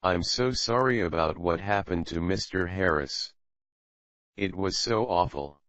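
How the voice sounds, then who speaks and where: A courteous woman secretary, voiced by a man reading aloud, gentle and sad. She speaks low and slow. The sound is dry and a bit dull, like an old audiobook tape. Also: no room sound.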